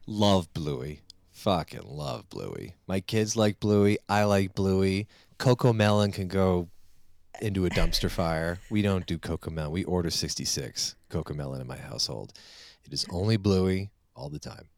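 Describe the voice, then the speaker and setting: A low-voiced man from the United States in his thirties, chatting with a lot of swing in his pitch. He jokes and swears casually, and the recording is dry and close. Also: normal speed, creaky, no room sound. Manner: animated, joking, swears casually. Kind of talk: casual chat.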